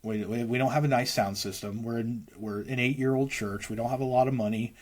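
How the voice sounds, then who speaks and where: A man talking casually as an interview guest, a worship leader, rambling fast and breaking into lines of hymns. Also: mid-range voice, steady tone.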